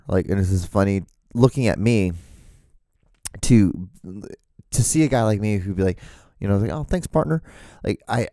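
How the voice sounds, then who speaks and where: A man's voice: fairly low pitch, warm tone, dry recording, studio quality. A man hosting his own solo podcast, rambling jokily and swearing freely in a casual monologue. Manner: rambling, profane, jokey. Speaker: podcast host.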